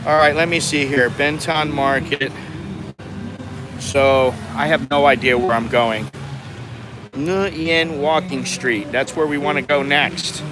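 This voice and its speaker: A travel vlogger from the United States walking through a city, chatting in a wry, self-mocking way with chuckling asides, sweaty from the heat. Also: male voice, on the high side, slow. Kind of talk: casual walking vlog. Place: busy city streets outdoors. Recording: outdoor street noise.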